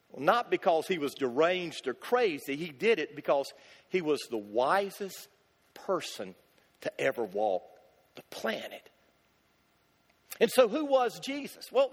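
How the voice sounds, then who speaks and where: Male pastor, sermon, emphatic rhetorical questions, high lively voice, long church reverb. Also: a little slow, long pauses.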